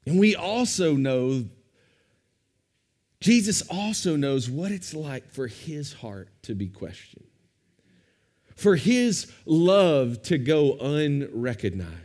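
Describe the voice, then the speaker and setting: Pastor guy preaching slow, voice swings up and down a lot, kinda high. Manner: expressive preaching, slow with emphatic rises and drops. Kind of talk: sermon.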